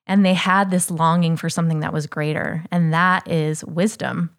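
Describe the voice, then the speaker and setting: A woman with a notably low voice talks in a thoughtful, reflective way. She often leans on casual fillers as she works through an idea. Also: fairly even intonation, normal speed. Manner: thoughtful, uses fillers like "you know" and "like". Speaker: podcast co-host. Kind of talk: reflective faith conversation.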